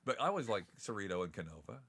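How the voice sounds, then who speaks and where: A middle-aged man from Southern Ohio speaks with a very low, fry-heavy voice and a faint Appalachian accent. He is slightly congested and tells stories at an easy, meandering pace, with chuckles. It is an unhurried interview conversation. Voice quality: gravelly, deep. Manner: relaxed, rambling storyteller with chuckles. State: a bit congested. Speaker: guest, TV announcer. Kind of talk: casual interview chat.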